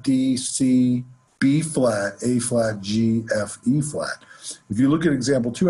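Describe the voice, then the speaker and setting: A man with a rough, husky voice teaches jazz improvisation at an ordinary, unremarkable pitch. He talks in a relaxed, conversational way and counts off beats between demonstrations. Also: poor audio. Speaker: jazz music instructor. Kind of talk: explaining and demonstrating on instrument. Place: home studio, online session.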